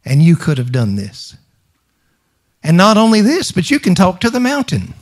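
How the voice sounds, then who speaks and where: A man's voice: high voice, wildly swooping pitch, moderate pace. A middle-aged man preaching a sermon. He fires rhetorical questions, repeats phrases and calls on the congregation to answer. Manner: emphatic preaching with call-and-response to the congregation.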